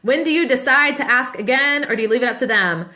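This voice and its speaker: A chatty woman in her thirties answers questions in a relaxed live session, her voice bright and a little raised in pitch. She talks as a business coach, upbeat and laughing easily between points. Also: fast talker. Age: 30s. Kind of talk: casual live Q&A.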